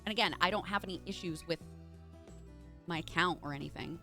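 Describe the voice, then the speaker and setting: A woman's voice: lowish voice, fairly quick, sharp tone, faint music behind. A young adult woman streaming live, chatting casually and greeting viewers by name in a bubbly way.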